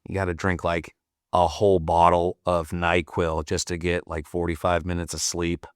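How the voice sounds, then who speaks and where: A man's voice: deep voice, little pitch movement, normal speed, smooth, no room sound, studio quality. A man and podcast guest, a Marine veteran, telling stories in a casual way. He swears often and rambles, with many "like" fillers. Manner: profane, rambling, full of "like" fillers. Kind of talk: casual storytelling.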